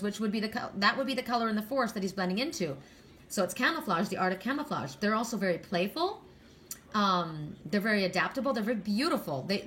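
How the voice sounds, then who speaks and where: A woman's voice: on the high side, a bit bright, a little hiss or hum. A middle-aged woman doing an oracle card reading, talking in a rambling, chatty, gushing way. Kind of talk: casual card reading monologue.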